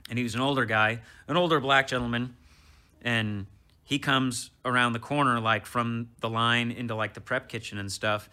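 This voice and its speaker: A man in his thirties, a comedian guest, telling a story in casual chat, animated and swearing as he acts out what people said. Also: medium pitch, moderate pace, clear, resonant tone.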